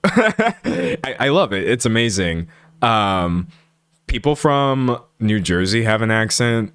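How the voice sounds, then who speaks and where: Chatty young American man, lowish voice. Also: fairly bright tone, dry recording. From United States. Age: 20s. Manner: chatty and rambling, laughs often. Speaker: livestream host. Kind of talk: casual livestream chat with viewers.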